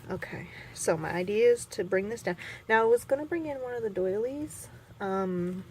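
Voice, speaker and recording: A woman's voice: medium pitch, normal speed, a little mellow, a little hiss or hum. A woman chatting casually while scrapbooking at her craft table, rambling and poking fun at herself with lots of fillers. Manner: rambling, chatty, self-mocking, many fillers. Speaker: scrapbooking vlogger.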